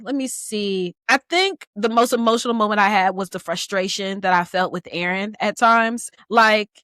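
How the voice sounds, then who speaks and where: A woman's voice: medium pitch, a bit bright, dry recording. A woman co-hosting a podcast, chatting casually and animatedly about a book, acting out quotes with gasps and laughs. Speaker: podcast co-host. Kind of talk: casual book review chat.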